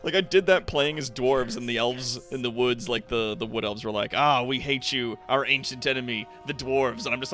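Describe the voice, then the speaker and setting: A man's voice: mid-range voice, pushed and bright. A man streaming a strategy game, talking casually through his moves, laughing often and swearing now and then. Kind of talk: casual gameplay commentary.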